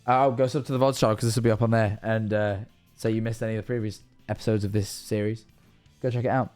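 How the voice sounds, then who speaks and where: Faint music plays behind a young male streamer who is very tired and signing off with loose, rambling chatter and some swearing. His fairly low voice is smooth and darkish, steady in tone, and he talks fast.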